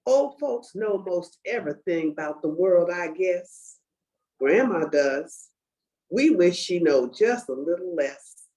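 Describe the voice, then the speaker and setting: A woman performing a dialect poem aloud in a lively, expressive storytelling manner. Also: on the low side, poor audio. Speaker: poetry reciter. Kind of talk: dramatic poetry recitation.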